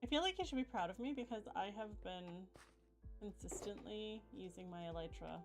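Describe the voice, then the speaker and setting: A woman's voice: medium pitch, animated, fairly quick. A woman streaming a game, chatting casually and rambling, with frequent giggles. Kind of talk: casual chat while gaming. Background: game music.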